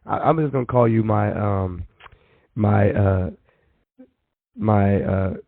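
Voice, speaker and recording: A man with a low, gravelly voice hosts a relaxed podcast conversation. He is easygoing and trips over his words now and then. The sound is dry and narrow, like a phone line. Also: slow pace, no echo. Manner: easygoing, stumbles over words and laughs at himself. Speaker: podcast host. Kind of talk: casual podcast chat.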